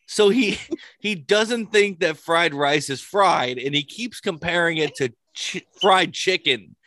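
A man's voice: on the high side, slow, no echo. A man telling stories in casual chat, swearing freely and often breaking into laughter. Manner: animated storytelling with frequent laughter and swearing.

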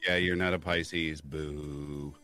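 A man's voice: very deep voice, flat delivery, takes it slowly, sharp tone, clear, resonant tone, soft background music. A man chatting casually on a group stream, joking and laughing often. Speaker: co-host on a chat stream.

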